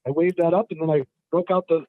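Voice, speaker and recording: A man tells stories as the guest in a casual interview. He rambles, restarts, and fills pauses as he goes. His fairly high voice comes through a dry, tinny phone line. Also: steady tone, no room sound. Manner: rambling, many fillers and restarts; acts out the people in his stories in a higher voice. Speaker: guest appraiser.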